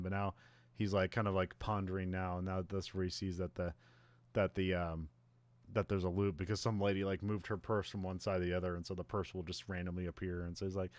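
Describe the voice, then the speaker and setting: A man with a fairly low voice talks through a movie plot in an easygoing, rambling way, often restarting his sentences and laughing at the silly parts. It is a casual podcast recap, recorded dry and close to the mic. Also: no room sound. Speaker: podcast host.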